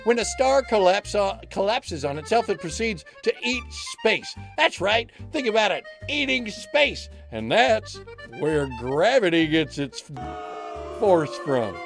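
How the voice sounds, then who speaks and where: A man's voice: high voice, sing-song, measured pace, soft background music. A man hosting a live comedy show, rambling in a mock-pompous way and breaking into song. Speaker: host.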